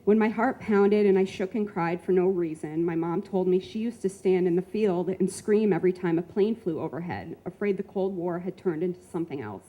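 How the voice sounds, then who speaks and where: A woman reading her personal essay aloud at a live literary event, telling her story in a measured way. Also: phone-quality sound. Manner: measured storytelling, voicing quotes with sudden high shrieks. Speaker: featured reader.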